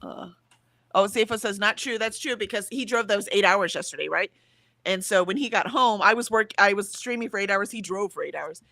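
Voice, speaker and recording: A woman's voice: medium pitch, a little fast, creaky, no room sound. A woman hosting a casual livestream from home, reading out chat comments and chatting with a laugh. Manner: chatty, lively, laughs often. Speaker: livestream host. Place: home, in bed.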